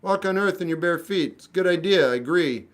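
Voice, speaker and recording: A man in his fifties reading live chat questions aloud and answering them with blunt, deadpan one-word replies. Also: high voice, a little fast. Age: 50s. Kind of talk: casual live-stream chat.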